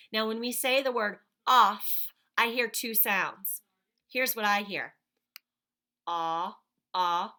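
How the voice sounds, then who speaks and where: A woman teaching a phonics lesson to young children. She talks slowly and patiently, sounding out each word, and her voice is bright. She speaks in a clear, even teaching tone. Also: a little high. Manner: slow, patient, sounds out words.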